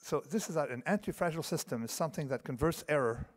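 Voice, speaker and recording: A man in his fifties, the keynote speaker, lectures with a fairly high pitch, quick pace, and lively intonation. He is digressive, restarts a lot, and asks the audience "okay?" as he goes. The recording has the long reverb of a large conference hall.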